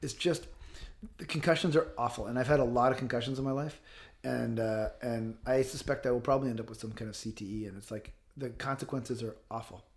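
A man's voice: medium pitch, steady tone, fairly quick. Fifty-year-old man, candid interview guest, heated and profane. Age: 50s. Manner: blunt, passionate, swears freely. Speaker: guest author. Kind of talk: casual interview talk.

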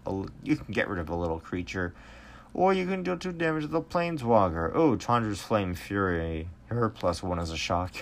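A man in a casual card review monologue who gets excitable, flares louder at strong cards and stumbles over his words. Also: sits low, slight background noise. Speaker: trading card game reviewer.

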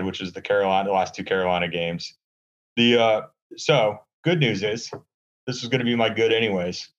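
Recorded muffled from a hotel room, this podcast co-host has a voice on the low side. His casual chat rambles, drips with sarcasm, and is thick with filler words.

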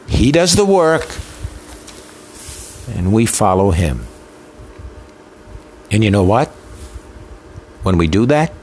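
Impassioned preacher, lively low voice. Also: male voice, slight background noise. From Italian heritage. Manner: impassioned, emotional delivery with rhythmic repetition. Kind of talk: sermon.

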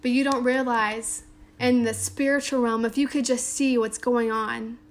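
In a small, informal Bible study, a woman with a slightly high, steady voice reads scripture aloud at a moderate pace. She then explains it conversationally in casual terms, with frequent "um"s and "like"s.

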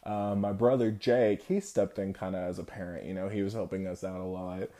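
A young man from the United States telling a personal story to his viewers, candid and reflective, with halting, broken-off phrasing. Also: sits low, fairly even intonation, warm tone. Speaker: vlogger.

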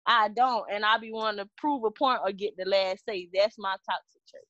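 A woman's voice: mid-range voice, brisk, fairly bright tone, no echo, highs cut off. A woman in casual chat, teasing and acting out little dialogues in a playful way.

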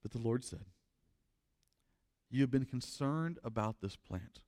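A pastor preaching a sermon, reading scripture and commenting on it, moving between loud emphatic passages and quiet reflective stretches. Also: male voice, medium pitch, animated, unhurried.

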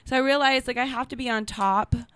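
A woman's voice: sits high, steady tone, fairly quick, fairly bright tone, clear, resonant tone, no echo. A young adult woman chatting candidly as a podcast guest, giggling as she tells stories. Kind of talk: casual chat.

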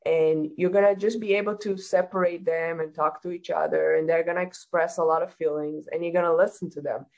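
A woman talking as a hypnotherapist guest in a casual interview, calmly explaining and giving practical advice. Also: on the low side, brisk, few pauses, rough recording.

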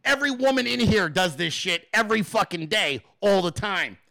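A man hosts a live stream and rants freely to his chat, swearing in nearly every line. His voice sits high and bright with a forceful edge. He swings his pitch widely and jumps into shrill put-on voices when he quotes people. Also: expressive, moderate pace, creaky, dry recording, studio quality. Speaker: livestream host. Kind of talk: profane unscripted rant to a live chat.

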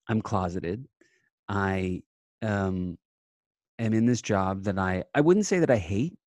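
A young adult man, an actor guest, chatting casually in a remote interview and telling animated stories in which he quotes himself. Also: sits low, takes it slowly, pauses often, no echo. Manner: animated storyteller, quotes himself in lively bursts. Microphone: remote call mic.

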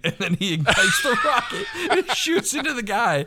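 A man co-hosting a podcast, retelling movie scenes in casual, profane chat, laughing often and slipping into quick impressions of the characters. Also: high-pitched, expressive, pushed and bright. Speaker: podcast co-host.

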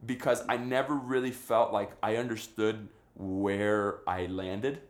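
A young man from Miami telling stories in a casual chat, animated and laughing often. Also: on the low side, a little slow. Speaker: guest. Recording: roomy echo.

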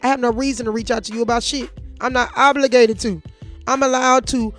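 A woman's voice: a little high, fairly even intonation, fairly quick, fairly bright tone, faint music behind. A young woman telling a story to her viewers, blunt and profane, speaking straight to her audience. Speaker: vlogger. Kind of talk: casual storytime chat.

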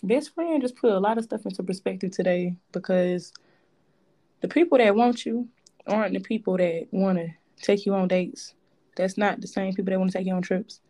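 A woman with co-hosting a casual chat, animated and slangy, laughing often. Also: mid-range voice, normal speed.

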